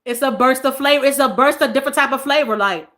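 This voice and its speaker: Bright, high-voiced woman livestream host. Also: fast. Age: 40s. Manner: animated, laughs often, repeats viewers' names. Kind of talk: casual live chat reading comments.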